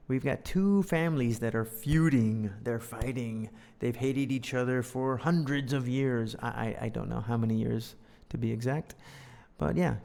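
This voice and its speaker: A man's voice: medium pitch, vocal fry, darkish tone. A man giving a playful, chatty English lesson, reading through a storybook and joking about its pictures. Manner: playful, chatty, laughs often. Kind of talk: casual storybook lesson with commentary. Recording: reverberant room.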